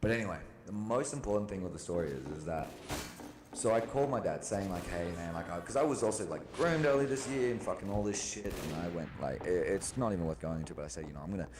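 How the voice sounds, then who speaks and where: A man's voice: low-pitched, expressive, fast. A young man venting in a casual monologue, rambling and agitated, swearing often and restarting his sentences. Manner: rambling, profane and agitated, full of restarts and fillers. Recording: loud background noise.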